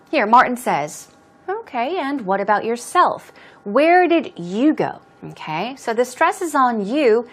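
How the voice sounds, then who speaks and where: A woman's voice: on the high side, fairly bright tone. A woman teaching English, patiently going through a dialogue and explaining words and stress step by step.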